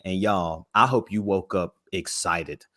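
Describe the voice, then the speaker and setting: Hyped man with a low voice. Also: unhurried, no echo, clean studio sound. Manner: hyped, slangy, animated. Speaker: podcast co-host. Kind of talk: casual sports chat.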